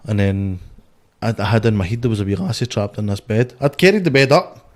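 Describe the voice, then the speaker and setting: Low-voiced, swearing Scottish man. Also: brisk. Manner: swears constantly, rambling storyteller. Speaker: guest, boxer. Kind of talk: casual podcast chat.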